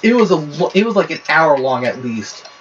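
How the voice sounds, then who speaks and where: Young male let's-play host, rambling ranter, lightly raised pitch, muffled lo-fi audio with clear hiss. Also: sing-song, normal speed, fairly bright tone. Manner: rambling, ranting storyteller. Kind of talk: casual chat over gameplay. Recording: dull lo-fi with clear noise.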